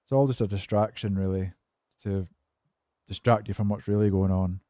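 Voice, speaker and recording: A man's voice: fairly low pitch, fairly even intonation, normal speed, mellow, dry recording. A man streaming a game and chatting casually with viewers, laid-back and cynical, swearing freely and rambling between topics while he answers chat.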